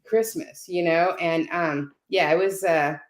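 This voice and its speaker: A woman telling a personal story as a guest on a video call, animated and often checking in with "right?". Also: fairly low pitch, a little slow. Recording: roomy echo.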